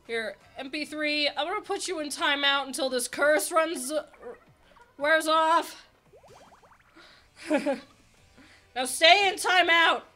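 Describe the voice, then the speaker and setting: Bubbly high-voiced young woman gaming. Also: slow, pauses often, soft background music. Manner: excitable, chatty, talks to game characters. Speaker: let's play host. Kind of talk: casual game commentary.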